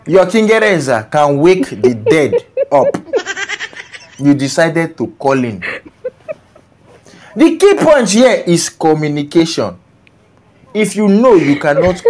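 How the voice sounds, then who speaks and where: A man's voice: fairly high pitch, big pitch swings, slow, long pauses, a little mellow, slight background noise. A Nigerian man delivering a comedic reaction rant, scolding and often breaking into laughter. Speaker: comedian commentator.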